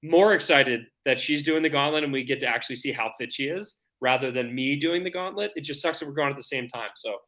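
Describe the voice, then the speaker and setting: A man's voice: medium pitch, fast talker, hardly any pauses, sharp tone. A man co-hosting a podcast, telling stories in a jokey, casual way. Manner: jokey, storytelling. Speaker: podcast co-host. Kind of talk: casual chat.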